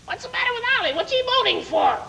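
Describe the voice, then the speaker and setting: A man's voice: very high-pitched, big pitch swings, fast talker, gravelly, voice pushed up, exaggerated voice, poor audio. A man voicing a fussy, bossy old witch puppet who bustles about with remedies. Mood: fussing. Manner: fussing, bustling, then hushed whispers.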